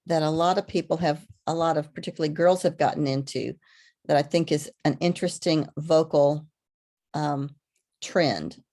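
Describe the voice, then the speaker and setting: A woman gives a live online lecture as a webinar presenter. She talks haltingly, with many ums and restarts, over a video call. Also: low voice, fairly even intonation, darkish tone.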